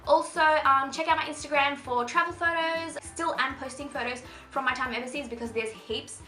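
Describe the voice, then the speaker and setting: Here a fashion vlogger in her twenties talks through a shopping haul for her channel, her high-pitched voice bright and forceful at a normal speed. She's bubbly and rambling, full of asides, recorded on a camera mic with roomy echo and faint music.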